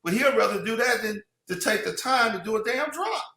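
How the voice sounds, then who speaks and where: A man talks in a loose, rambling way, stopping and restarting often and filling gaps with "you know what I mean". His voice is bright and sits a little high. The room around him is echoey. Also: expressive, fairly quick, gravelly. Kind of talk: casual chat.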